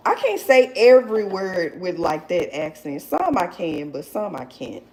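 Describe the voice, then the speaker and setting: Woman in her 40s, lifestyle host on a live stream, unhurried, chatty, laughs easily, answers commenters by name. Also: mid-range voice, lively intonation, a little mellow. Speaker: lifestyle vlogger hosting a live chat. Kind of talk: casual live-stream chat with viewers.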